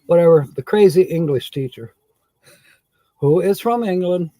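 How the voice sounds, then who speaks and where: A man's voice: sits high, normal speed, dark tone, dry recording. A man hosting a casual live stream, rambling and chuckling often as he corrects himself.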